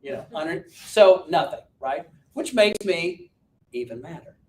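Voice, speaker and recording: A man coaching an audience through a joking, self-mocking personal story, told with lively energy. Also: unhurried. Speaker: business coach and speaker. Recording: roomy and distant with faint rumble.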